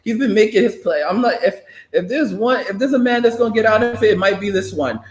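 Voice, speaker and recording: A man hosting a casual livestream, reading chat messages aloud and teasing viewers in a joking, animated way. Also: sits high, fast talker, roomy sound, faint music behind.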